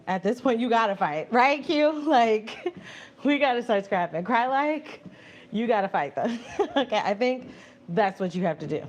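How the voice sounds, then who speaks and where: A woman hosting a live stream, chatting casually with viewers while walking on a treadmill, animated and often laughing. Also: fairly high pitch, normal speed. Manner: animated, laughing, reads viewer messages aloud and answers them. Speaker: livestream host reading chat. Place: home, indoors on a treadmill.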